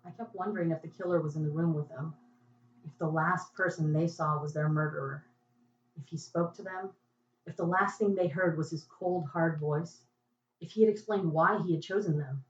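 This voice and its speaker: A woman podcast host reads a first-person detective story in a dry, wry narrating voice. She speaks low-pitched at a moderate pace, and the home recording sounds echoey, distant and muffled.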